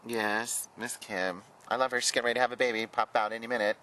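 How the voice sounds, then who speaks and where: Talking fast in a level, mid-range voice that sounds pushed and bright, a hairdresser and vlogger shares frank personal memories over old photos and papers. He's a chatty, outspoken man who swears freely and speaks flamboyantly, and the recording is rough.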